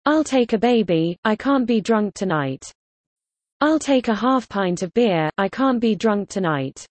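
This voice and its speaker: A woman reading example sentences for a slang lesson with a lively, bouncy delivery. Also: mid-range voice, unhurried, dry recording. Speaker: teacher.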